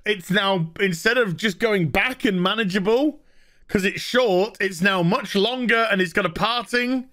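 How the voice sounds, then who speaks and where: A man's voice: sits high, measured pace, a bit bright. A man with an English accent giving a mocking, exasperated review of a TV episode, laughing at its plot. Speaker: host.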